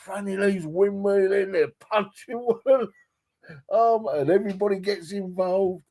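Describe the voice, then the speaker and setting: Animated, sweary man. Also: high voice, unhurried. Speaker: podcast co-host. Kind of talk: casual chat.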